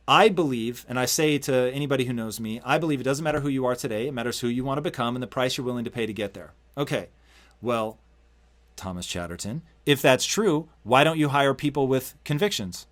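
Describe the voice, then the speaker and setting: A man hosting an interview, telling a long story in a casual, energetic way and swearing freely. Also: medium pitch. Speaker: podcast host.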